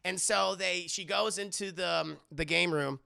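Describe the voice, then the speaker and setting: A man's voice: high-pitched, steady tone, normal speed, vocal fry, pushed and bright. A young man recapping a movie in a casual, rambling way, with many fillers and restarts. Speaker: movie reviewer streaming live. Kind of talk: casual recap with acted quotes.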